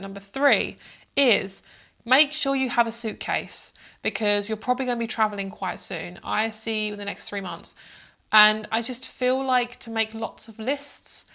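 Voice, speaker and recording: Chatty, motherly woman giving a tarot reading. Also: mid-range voice. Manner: warm, motherly and chatty, calls viewers "my love"; rambling, with many fillers and restarts. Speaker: psychic tarot reader. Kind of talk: casual tarot reading to camera.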